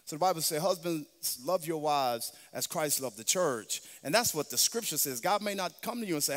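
High-voiced male pastor preaching in a hall. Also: expressive, normal speed. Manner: swings from chanted, shouted preaching to quiet, intimate teaching. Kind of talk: sermon. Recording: long reverb of a large hall.

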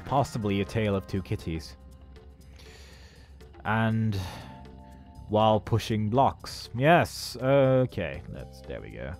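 A man's voice: lowish voice, lively intonation, takes it slowly, pauses often, darkish tone. A man giving sarcastic let's play commentary, humming and making up silly songs as he plays. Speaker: game commentator. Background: faint game music.

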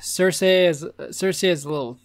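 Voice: medium pitch, moderate pace, no room sound. A podcast co-host chatting casually, hesitant and given to restarts. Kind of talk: casual chat.

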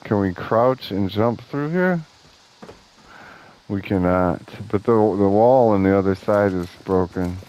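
A man's voice: lowish voice, a little slow, mellow, dull audio. Joking man narrating his gameplay. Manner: joking, sarcastic, swears often. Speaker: gameplay streamer. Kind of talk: casual gameplay commentary.

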